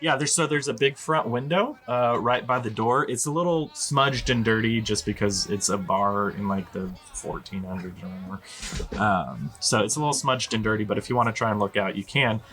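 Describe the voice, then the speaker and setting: A man's voice: on the low side, moderate pace, fairly bright tone. A man narrating as game master of a tabletop game in a casual, rambling way.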